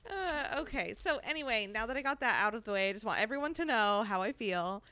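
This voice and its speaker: A woman's voice: a little high, expressive, normal speed. A woman co-hosting a casual podcast, recapping a book in a chatty, sarcastic way with some swearing. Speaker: podcast co-host.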